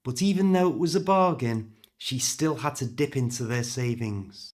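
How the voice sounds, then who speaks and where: A man with a British accent reading a story aloud for English learners, clear and expressive. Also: medium pitch, moderate pace. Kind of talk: scripted story narration.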